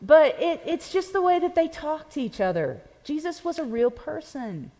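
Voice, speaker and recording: A woman's voice: high voice, sing-song, moderate pace, warm tone. A woman pastor, preaching a sermon in a conversational, playful way and speaking directly to her congregation. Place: church sanctuary. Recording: long church reverb.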